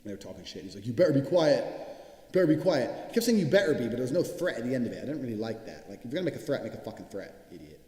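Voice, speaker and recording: A man's voice: mid-range voice, sing-song, rapid-fire, mellow. Blunt, profane man in an echoey room. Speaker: motivational speaker. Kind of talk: motivational monologue. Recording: echoey, reverberant room sound.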